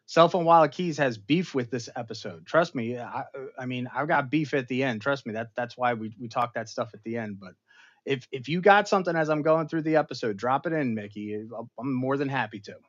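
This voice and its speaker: Brief: male show host recapping an episode with dramatic flair, average pitch, muffled lo-fi audio. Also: a little fast. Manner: animated storytelling with dramatic emphasis and asides. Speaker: pop culture show host. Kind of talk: casual episode recap and review.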